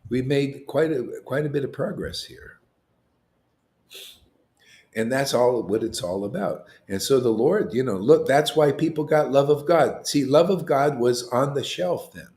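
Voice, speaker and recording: A man as spiritual teacher, giving an informal devotional talk in a colloquial way, full of rhetorical questions and rising in pitch to stress his points. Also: unhurried, a little mellow.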